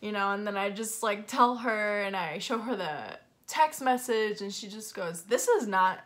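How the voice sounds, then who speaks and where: Bright-voiced young woman telling a story. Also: mid-range voice, measured pace. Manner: candid and confessional, with frequent "like" fillers. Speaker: vlogger. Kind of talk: casual storytime vlog.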